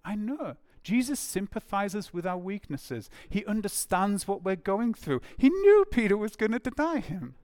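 A man's voice: high-pitched, very animated, normal speed, hardly any pauses, a little mellow, no room sound, studio quality. A man preaching a sermon in a conversational way, asking the listeners questions and voicing imagined speakers.

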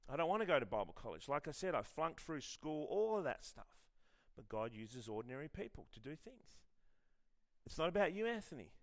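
A middle-aged Australian man preaching a sermon in a lively, conversational way, telling personal stories with self-deprecating humour. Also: mid-range voice. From Western Australia. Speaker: pastor.

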